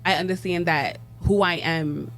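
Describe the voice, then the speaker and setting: A woman's voice: fairly low pitch, steady tone, a little slow, fairly bright tone, a little hiss or hum. Brash young New woman rapper. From New York. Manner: brash, slangy, laughs often, swears freely. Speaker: rapper, interview guest. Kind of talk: casual interview chat.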